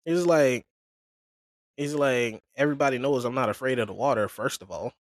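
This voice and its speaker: A man's voice: mid-range voice, moderate pace, dry recording, clean studio sound. A man casually retelling a story on a podcast, acting out the characters' lines in slang. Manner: animated retelling with slangy acted quotes. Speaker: podcast co-host.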